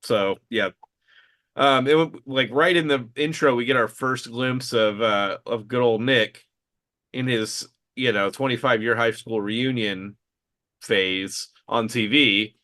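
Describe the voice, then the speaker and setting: A man's voice: mid-range voice, slow, bright, forceful tone. Wry, hesitant man in his late thirties. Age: late 30s. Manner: hesitant, filler-heavy, wry. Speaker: podcast co-host. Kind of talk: casual chat.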